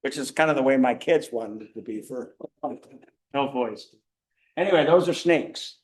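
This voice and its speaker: Older guy telling travel stories to a church crowd, lively and self-mocking, mid-pitched voice. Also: moderate pace. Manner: animated, self-mocking storyteller. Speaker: guest speaker. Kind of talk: storytelling talk to a church audience.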